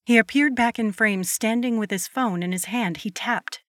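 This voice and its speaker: A woman's voice: fairly high pitch, normal speed, fairly bright tone, no echo, clean studio sound. Woman narrating a horror story.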